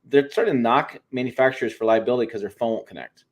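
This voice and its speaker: A man's voice: medium pitch, fast. A man co-hosting a truck livestream, chatting casually and rambling with frequent restarts and fillers. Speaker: co-host of a truck show.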